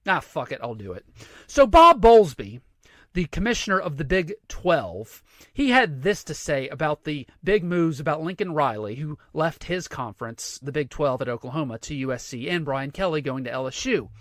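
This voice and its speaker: A high-voiced man hosts a sports show from a dry, close-miked setup. He rants with profanity and biting sarcasm. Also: big pitch swings, normal speed, a bit bright, no room sound. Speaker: sports commentary host. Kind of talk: sports rant monologue.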